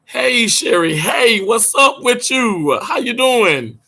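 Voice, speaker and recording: A slightly hoarse man hosts a casual livestream from a hotel room. His voice sits a bit high and sounds bright and tense, and he chats playfully with viewers, laughing often and stretching out his words. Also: sing-song, slow. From Mississippi. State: a little hoarse. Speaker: livestream host.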